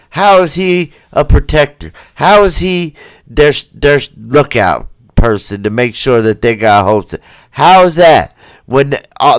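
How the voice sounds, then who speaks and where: Slow, lively-pitched man talking over footage. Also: dry recording. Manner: profane, keeps asking the viewer rhetorical questions; acts out the people in the footage in quoted voices. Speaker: livestream host. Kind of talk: casual commentary on video footage.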